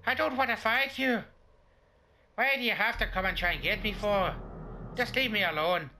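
A man doing a deliberately bad put-on Irish accent as a frightened man begging a monster to leave him alone. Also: high voice, sharp tone, a little hiss or hum, voice pushed up, exaggerated voice. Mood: pleading.

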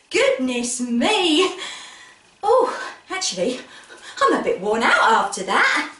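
A woman's voice: high voice, wildly swooping pitch, slow pace, fairly bright tone, recorded from a distance. Sing-song woman leading a toddler class. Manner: sing-song, coaxing, talks directly to small children. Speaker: toddler music session leader. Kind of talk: singing and storytelling for toddlers. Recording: echoey room, voice away from the mic. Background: guitar music.

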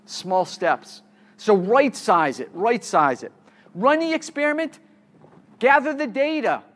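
A man's voice: very high voice, lively intonation, takes it slowly, fairly bright tone. A man giving a live keynote talk on a conference stage, quizzing the audience and repeating key words, with frequent restarts.

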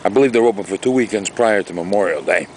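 Standing by a lake, this male vlogger talks quickly in a lowish, slightly mellow voice. The recording is rough with a little background noise, and his chatty vlog drifts into rambling, over-the-top rants.

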